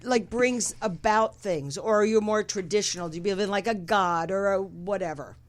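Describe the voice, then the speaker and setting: A woman's voice: medium pitch, normal speed. A woman hosting a casual podcast chat around a table, talking loosely with many fillers and asking her guests questions. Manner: chatty, filler-heavy, asks the table questions. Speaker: podcast host.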